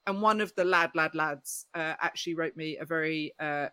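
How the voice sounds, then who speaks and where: Woman comic telling a story, lively, does squeaky voices for quotes, dry close sound. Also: moderate pace, smooth, dry recording. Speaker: comedian guest. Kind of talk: casual chat, storytelling.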